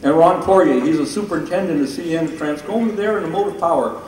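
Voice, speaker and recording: Slightly high and darkish in tone, a quick-paced stand-up comic at a benefit jokes around and pokes fun at audience members. Echoey hall, far-off mic, crowd noise in the background.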